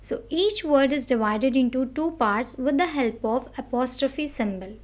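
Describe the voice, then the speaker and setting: A woman teaching English vocabulary in a measured, explanatory way, reading out definitions and example sentences. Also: high-pitched. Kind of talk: instructional word-by-word lesson.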